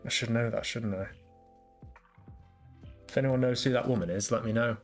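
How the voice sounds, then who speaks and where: A man's voice: medium pitch, fairly even intonation, moderate pace, faint music behind. A man hosting a casual solo podcast, rambling and self-deprecating with lots of restarts. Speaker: podcast host.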